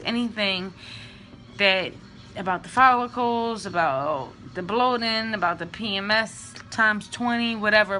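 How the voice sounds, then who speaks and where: A young woman vlogging casually and candidly about her day, sounding drained and low on energy. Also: pushed and bright. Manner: chatty, candid and emotional. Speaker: vlogger sharing IVF updates. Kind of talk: casual vlog.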